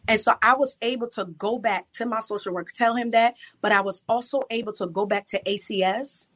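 A woman from New York tells her story with fervent, preacherly force, leaning hard on each phrase. Her voice sits a little higher than most. She speaks as a guest on a faith podcast. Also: a little fast, hardly any pauses, fairly bright tone. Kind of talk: testimony in an interview.

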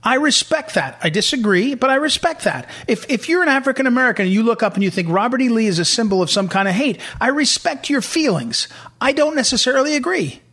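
Male talk radio host, fairly high voice, emphatic, repeats himself for effect, middle-aged. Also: animated, fast talker, a bit bright. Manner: emphatic and repetitive, hammering points home. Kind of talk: political talk radio commentary.

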